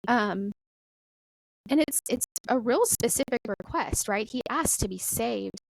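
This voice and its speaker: A middle-aged woman talking casually about faith as a podcast guest, animated and full of "like" and "right?". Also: a little high, unhurried, vocal fry, no room sound, low-quality recording.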